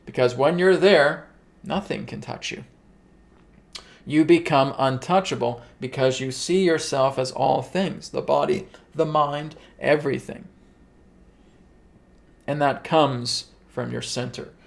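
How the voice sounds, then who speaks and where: A man voicing a calm, commanding male spirit guide in a slow, emphatic, preaching cadence. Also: mid-range voice, vocal fry. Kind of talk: channeled spiritual teaching.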